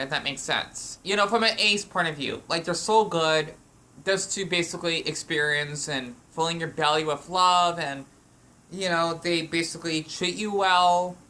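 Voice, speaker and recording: A woman's voice: fairly low pitch, bright, forceful tone. A woman vlogging at home while she eats, talking in a meandering way with frequent restarts and fillers. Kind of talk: rambling eating vlog.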